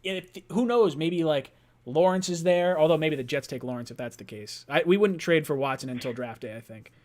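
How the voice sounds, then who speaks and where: A young man with a notably high voice hosts a live fan show from his home late at night. He rambles on in an excitable, run-on way, laughing as he goes. His delivery is loose and hyped. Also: fairly quick. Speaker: livestream host.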